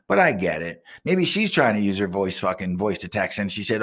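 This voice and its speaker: A man hosting a radio show, rambling through a profane rant and breaking into loud, indignant outbursts. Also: lowish voice, lively intonation, normal speed, few pauses, breathy edge. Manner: profane, ranting, swears constantly.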